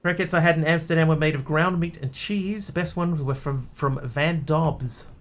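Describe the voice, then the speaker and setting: A man's voice: on the high side, moderate pace. A man, chatting casually on a live stream, musing aloud and answering chat while he plays. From Australia.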